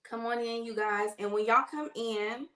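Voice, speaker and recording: A woman's voice: a little high, steady tone, normal speed, roomy sound. Chatty woman hosting a phone livestream. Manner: chatty, warm greetings, uses y'all. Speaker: nurse and livestream host. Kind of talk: casual livestream chat greeting viewers.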